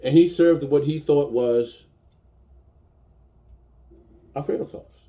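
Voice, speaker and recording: A man's voice: on the high side, normal speed, mellow. A man in his fifties, a chef, speaking bluntly and defiantly in a personal video rant, repeating his points for emphasis. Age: 50s.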